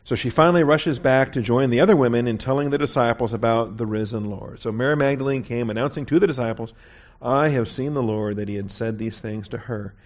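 A man's voice: medium pitch, brisk. Man teaching a Bible lesson, lo-fi. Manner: conversational, checks in with "okay?" often. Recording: dull, lo-fi recording.

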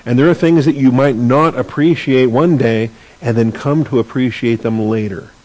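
A man's voice: mid-range voice, normal speed, darkish tone, rough recording. Earnest man teaching a Bible class. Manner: earnest, repeats words while searching for phrasing.

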